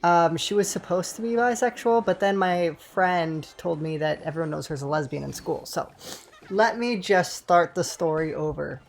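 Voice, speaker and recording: A man's voice: fairly high pitch, moderate pace, vocal fry, slight background noise. Swearing young man telling a storytime. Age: 20s. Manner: swears freely and rambles with asides to viewers. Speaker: gaming storyteller. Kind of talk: casual storytime over gameplay.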